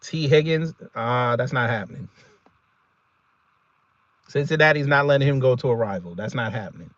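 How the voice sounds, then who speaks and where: A man hosting a casual reaction video, talking in an animated, slangy way and laughing often. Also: mid-range voice, moderate pace, no room sound, muffled recording.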